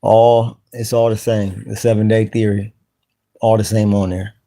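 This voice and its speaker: A man hosting a casual live stream, greeting viewers by name in relaxed slang. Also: on the low side, unhurried. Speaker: channel host.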